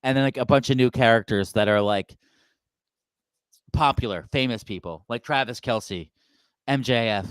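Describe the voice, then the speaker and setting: A man co-hosts a wrestling podcast in a casual, chatty way, laughing often and slipping into the voices of people he quotes. His voice sits mid-pitch, clear and smooth, with a dry, close sound. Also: moderate pace, long pauses, no echo. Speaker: podcast co-host. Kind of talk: casual chat.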